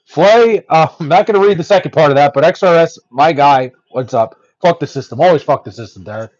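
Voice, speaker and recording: A man's voice: fairly high pitch, brisk, a little mellow, dry recording, dull audio. A young man chatting casually on a livestream, reading chat aloud, loose and profane with lots of ums.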